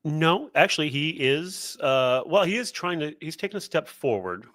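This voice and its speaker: A man narrating and running a tabletop role-playing game as game master, talking in a relaxed, hesitant way as he works out the rules aloud. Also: on the high side, normal speed, no room sound.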